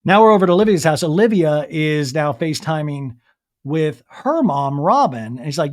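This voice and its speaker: A man hosting a podcast who recaps a reality show in a casual, snarky, animated way. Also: a little high, moderate pace. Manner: animated, snarky, acts out quotes. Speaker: podcast host.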